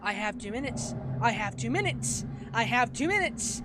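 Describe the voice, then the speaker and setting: A woman's voice: on the high side, sing-song, moderate pace, background noise. A woman giving let's play commentary on a horror game, panicky, laughing and screaming, repeating pleas over and over. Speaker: gamer. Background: game music.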